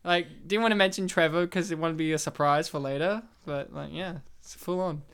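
A woman hosting a casual movie review podcast, talking excitedly and laughing often. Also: low-pitched, a little fast, clean tone. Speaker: podcast host.

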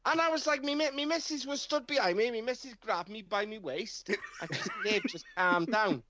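A man's voice: high-pitched, normal speed, hardly any pauses, dull audio, background noise. A man with an English accent telling a comedic story, acting out both sides of the dialogue as he rants.

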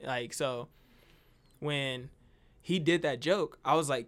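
A man, a comedian, in a casual podcast chat, talking fast and animated and often asking "you know what I mean?". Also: medium pitch.

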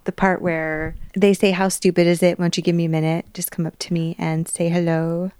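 A woman co-hosting a podcast in casual chat, playful and quick to slip into silly quoting voices. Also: fairly low pitch, little pitch movement, a little mellow, smooth, dry recording. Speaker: podcast co-host.

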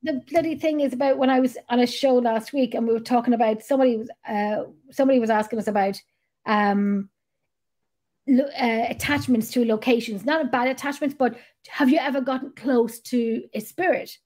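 A woman's voice: a little high, a little fast, a little mellow. A middle-aged woman hosting a podcast. She talks in a rambling, chatty way and swears freely. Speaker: podcast host. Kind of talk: casual chat.

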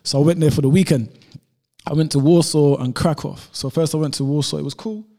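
A man's voice: fairly high pitch, steady tone, brisk, mellow. A man from London, a YouTuber, telling a travel story in casual chat, laid-back and full of slang asides. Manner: laid-back, peppers talk with "bro" and "whatever".

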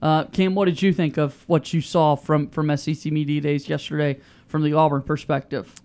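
A man hosting a sports talk radio show, brisk and upbeat, reading phone numbers and taking calls. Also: a little high, little pitch movement, darkish tone, smooth. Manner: brisk, upbeat host patter.

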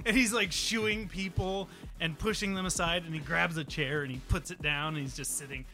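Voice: medium pitch, fairly even intonation, moderate pace, hardly any pauses, music in the background. A game master narrating a tabletop game, laughing often and restarting lines.

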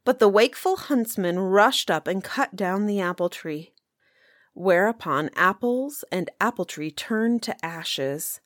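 Slow, measured woman reading a fairy tale. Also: medium pitch, lively intonation, no echo, clean studio sound. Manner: measured, old-fashioned storybook delivery. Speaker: storyteller. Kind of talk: reading a folk tale aloud.

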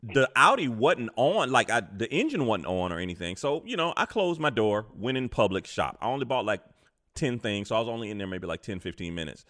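Brief: male podcast host, lively storyteller with a bright, forceful voice. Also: fairly low pitch, a little fast. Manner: animated storytelling, swears freely. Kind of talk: casual chat.

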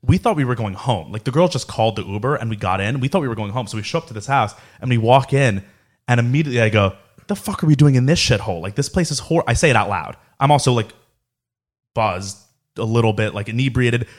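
A man's voice: medium pitch, fast. Young man, South Florida, casual profane storyteller. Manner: profane, animated anecdote telling with acted quotes.

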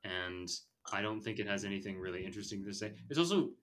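A man's voice: on the low side, lively intonation, quick pace, a bit bright. A man hosting a casual movie podcast, rambling and opinionated, with lots of fillers. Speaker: podcast host.

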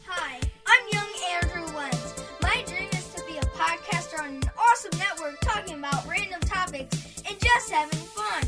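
A man's voice: very high-pitched, moderate pace, hardly any pauses, exaggerated voice. A man voicing an eager young boy who dreams of podcasting, in a comic promo skit. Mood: dreamy. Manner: excited, wide-eyed, shouting with amazement. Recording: promo clip over loud music.

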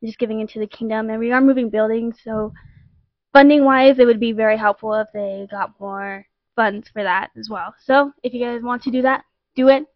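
A woman's voice: on the high side, steady tone, brisk, dry recording. A woman in her twenties hosting a casual podcast from a home basement, giggly and chatty with lots of "um" and "like". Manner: chatty, giggly, many fillers like "um" and "like". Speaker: podcast host. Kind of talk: casual chat. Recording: dull, lo-fi, dry sound.

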